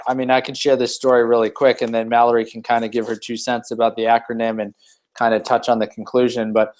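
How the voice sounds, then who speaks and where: A man's voice: medium pitch, little pitch movement, quick pace, a little mellow. A man hosting a weekly team hangout, telling a motivational story in a loose, rambling way. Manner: rambling, many fillers and restarts. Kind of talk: casual motivational talk.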